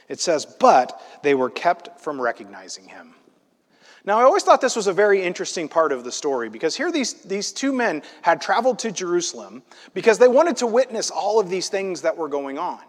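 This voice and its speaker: A man preaching a sermon, reading scripture aloud and acting out the story with lively, loud asides. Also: a little high. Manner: animated, dramatizing the story with loud acted-out asides. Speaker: pastor. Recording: long hall reverb.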